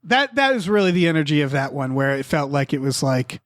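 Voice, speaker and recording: A man co-hosting a podcast, talking about a holiday special in an animated, swearing, laughing way. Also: a little high, fairly quick, no room sound, clean studio sound. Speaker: podcast host. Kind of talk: casual movie discussion.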